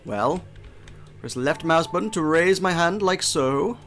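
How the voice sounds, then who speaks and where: A man's voice: on the high side, lively intonation, a little slow, a bit bright. A young man giving casual, chatty first impressions of a game, self-deprecating and often restarting his sentences. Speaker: game reviewer. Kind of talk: casual gameplay commentary.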